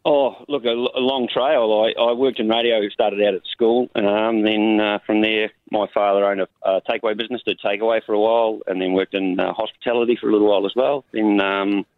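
Caller on a tinny phone line. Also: male voice, lowish voice, fairly even intonation, a little fast, hardly any pauses, dry recording. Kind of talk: phone-in call.

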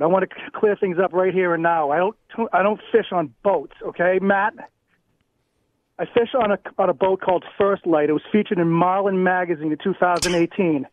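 A man's voice: high voice, no echo. A man calling in to a sports radio show, talking in an eager, rambling way. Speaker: caller. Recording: tinny phone line.

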